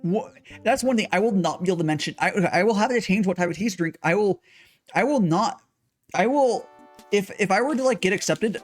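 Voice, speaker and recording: A man's voice: high voice, lively intonation, a little fast, faint music behind. A young man chatting casually on a livestream while making tea, rambling with lots of restarts and repeated words. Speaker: streamer.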